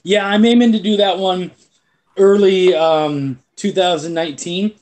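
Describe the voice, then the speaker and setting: A comic book creator chatting casually, an animated storyteller who swears freely. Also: male voice, high voice, measured pace. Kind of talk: casual chat.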